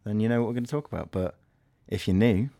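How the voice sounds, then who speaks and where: Chatty man, low dry voice. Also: quick pace, mellow, no echo. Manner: chatty, laughs easily, lots of fillers. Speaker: podcast co-host. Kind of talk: casual chat.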